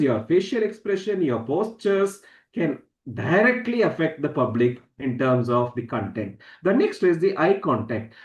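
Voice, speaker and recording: A man's voice: a little mellow, highs cut off. Emphatic man lecturing in an echoey room. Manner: emphatic, varies pitch and stress deliberately, repeats key words. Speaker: public speaking trainer. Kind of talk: online masterclass lecture. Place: online session from a room.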